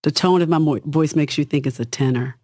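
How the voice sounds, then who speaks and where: A woman singer with a husky, low-toned voice, talking casually and emphatically as an interview guest. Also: fairly quick, darkish tone, no room sound, clean studio sound.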